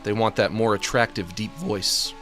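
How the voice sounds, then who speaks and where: A man's voice: lowish voice, normal speed, a bit bright, faint music behind. A man streaming a game, chatting casually and rambling with jokes and self-mocking asides. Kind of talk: casual chat on a live stream.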